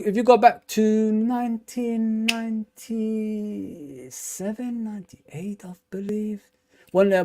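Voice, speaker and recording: A man's voice: high voice, warm tone. A young man, hosting a live stream and chatting casually with his viewers, rambling and repeating himself with lots of fillers. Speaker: fan channel host. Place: home.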